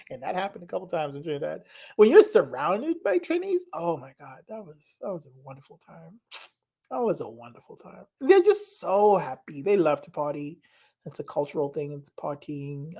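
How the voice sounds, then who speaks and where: A young woman from Zimbabwe, chatting casually and enthusiastically, rambling, repeating herself and laughing often. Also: mid-range voice. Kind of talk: casual chat.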